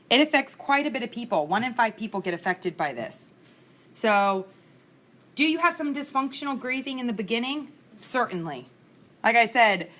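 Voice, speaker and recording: Through a screencast recording mic, a thirtysomething woman teaches in an easygoing, candid way, laughing as she shares stories from her own life. Her instructor's voice sits in the mid-range and sounds a bit bright.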